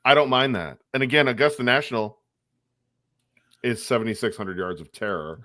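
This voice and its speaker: A man's voice: mid-range voice, normal speed, sharp tone, no room sound, clean studio sound. A man co-hosting a casual golf podcast, rambling with restarts and cutting in on others. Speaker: podcast co-host. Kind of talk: casual sports chat.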